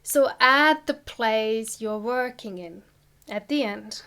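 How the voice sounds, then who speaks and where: A woman teaches a beginner class, patient and methodical, spelling out each step. Her voice sits a little high, and she takes her time with every word. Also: takes it slowly, bright, forceful tone. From Germany. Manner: patient, step-by-step explaining with careful pronunciation. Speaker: German teacher. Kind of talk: online language lesson.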